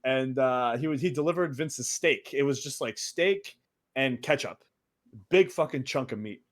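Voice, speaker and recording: A man's voice: medium pitch, normal speed. A man in his thirties co-hosting a podcast, telling stories in casual chat and laughing through them. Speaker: podcast co-host.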